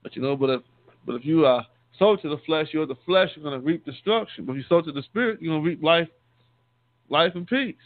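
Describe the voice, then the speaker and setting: A man's voice: on the high side, expressive, fast talker, dry recording. A man, a deacon, giving a conversational sermon, often repeating and restarting words and calling his listeners saints. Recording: tinny phone-line sound, dry.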